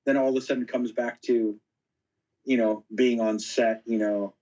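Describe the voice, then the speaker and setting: Man telling lively stories with quoted dialogue. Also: mid-range voice, moderate pace, low-quality recording. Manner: animated anecdotes, acting out quoted dialogue; frequent fillers like "you know". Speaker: podcast guest. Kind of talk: casual storytelling interview.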